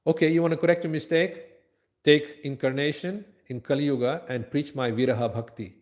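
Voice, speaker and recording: A reproachful divine cowherd with a teasing edge, as a man puts him on in a sermon. The voice rises higher and pushes louder on the scolding lines. He speaks in a plain storytelling tone. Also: fairly even intonation, fairly quick, close to an everyday voice.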